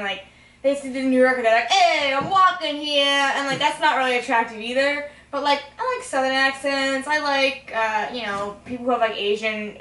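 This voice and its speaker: Giggly high-voiced woman, far off in an echoey room. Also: fairly bright tone. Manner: giggly, rambling, lots of fillers. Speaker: interviewee. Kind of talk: casual tipsy chat.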